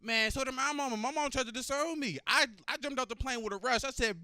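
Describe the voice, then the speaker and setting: Fields: Sex: man. Role: stand-up comedian. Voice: smooth, dry. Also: very high-pitched, fast, hardly any pauses, sharp tone, no echo. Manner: profane, loose, talks to the crowd.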